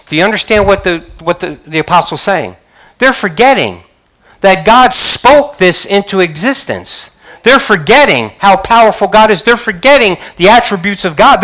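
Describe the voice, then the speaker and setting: A man's voice: sits high, a bit bright, low-quality recording. A male pastor preaching a church sermon, reading scripture aloud and questioning his congregation.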